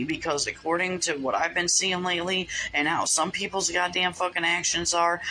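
A woman's voice: low voice, bright, forceful tone, a little hiss or hum, rough recording. A woman delivering an angry, profanity-heavy rant to her followers, repetitive and insistent. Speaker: vlogger speaking to followers.

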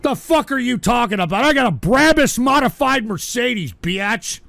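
A man's voice: extremely high pitch, expressive, moderate pace, vocal fry, sharp tone, no room sound. A man hosting a live-stream talk show, cursing angrily and erratically as he reads out viewer donations. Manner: angry, cursing, erratic, breaks into singing. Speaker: livestream talk show host. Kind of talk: profane live-stream rant reading donations.

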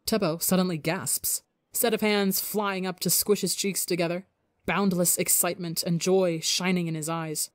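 Woman reading a story aloud, fairly low voice, dry close sound. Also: steady tone, moderate pace, no echo. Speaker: audiobook narrator. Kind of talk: reading fan fiction aloud.

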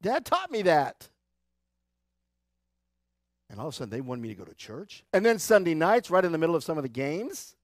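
High-voiced pastor preaching a sermon. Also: male voice, sing-song, moderate pace, long pauses, no echo, clean studio sound. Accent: Midwestern American. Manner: swings between loud urgent exhortation and quiet low asides. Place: church sanctuary.

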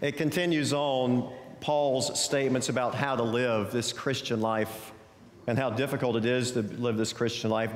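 A man's voice: mid-range voice, fairly even intonation, unhurried. Male pastor preaching, folksy storyteller, echoey church sanctuary. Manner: folksy, storytelling, gentle humor. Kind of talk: sermon.

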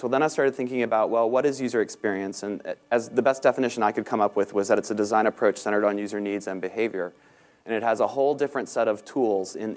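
Fast-talking man with Southern accent. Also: fairly low pitch, a little mellow. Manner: self-deprecating, quick, many ums. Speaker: panel speaker. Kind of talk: conference talk. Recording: talk recorded in a meeting room.

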